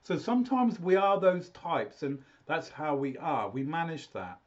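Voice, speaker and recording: A man's voice: fairly high pitch, lively intonation, measured pace, highs cut off. A man working as a health coach, talking through a live consultation with many restarts and repeated words.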